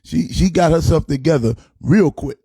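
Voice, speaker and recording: A man rants about basketball as if from the pulpit. He is boastful and playful, and he slides into sing-song preacher cadences. His voice sits a little high yet sounds warm and mellow, recorded dry and close. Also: normal speed, breathy edge, dry recording. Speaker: pastor. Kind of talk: comic sermon-style sports rant.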